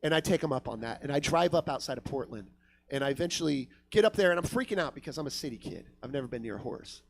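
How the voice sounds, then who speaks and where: A man telling a wild stand-up story on a club stage, swinging from loud to hushed and yelling in the quoted bits. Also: mid-range voice, animated, quick pace, gravelly, a little hiss or hum. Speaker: stand-up comedian. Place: comedy club stage with live audience.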